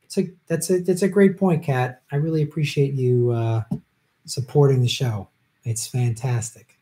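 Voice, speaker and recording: A man's voice: medium pitch, fairly even intonation, moderate pace, warm tone. Rambling male livestream host. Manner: rambling, many ums, chuckles, jokey asides. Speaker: show host answering viewer questions. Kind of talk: casual livestream chat.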